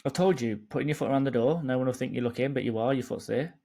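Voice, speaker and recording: A podcast co-host tells stories in a casual, jokey, sweary chat, sounding animated. His mid-range voice moves very fast and has vocal fry.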